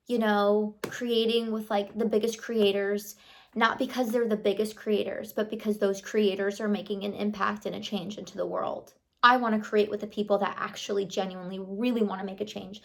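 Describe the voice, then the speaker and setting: A woman's voice: medium pitch, gravelly. Woman vlogger, thirties, chatty uplifting talk to camera, lots of filler words. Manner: warm, chatty, affirming, with fillers like "like" and "you know". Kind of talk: casual motivational chat to camera.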